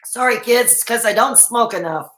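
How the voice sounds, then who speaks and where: A woman with hiccups hosts a casual live stream, rambling as she answers viewer comments with plenty of fillers and restarts. Her fairly high voice is fairly bright, at a normal speed, and sounds reverberant.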